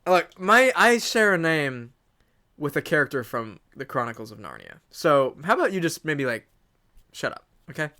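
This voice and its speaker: A man's voice: on the high side, very animated, moderate pace, sharp tone. Young male podcast co-host, casual and joking, voice swings up and down a lot. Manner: joking, filler-heavy, laughs often. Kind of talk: casual chat.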